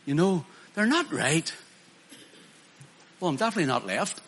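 A man's voice: a little high, sing-song, normal speed, a bit bright, slight background noise. A man preaching a sermon in an emphatic way, acting out quoted voices with mocking asides.

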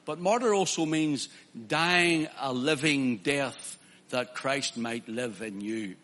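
A man's voice: medium pitch, sharp tone, in a large hall. A man preaching a sermon with impassion, building to emphatic declarations.

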